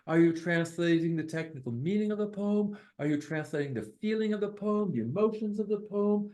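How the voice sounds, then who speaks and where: A man reading poems at an online poetry gathering, slowly and deliberately, with chatty asides between them. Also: on the high side, darkish tone, low-quality recording. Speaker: poetry reader at an open mic. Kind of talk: casual reading and commentary. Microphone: online video call.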